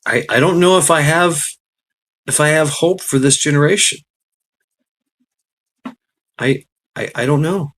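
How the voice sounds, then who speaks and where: A man's voice: a little high, a little slow, long pauses, a bit bright. A man hosting a live stream, ranting casually at his chat, blunt and profane, laughing often and reading out viewer names. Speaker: livestream host. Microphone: computer mic on a live stream.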